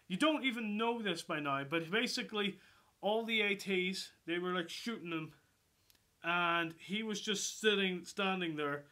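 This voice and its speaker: Excitable, sweary man reviewing a film. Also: high-pitched. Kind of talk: casual movie review vlog.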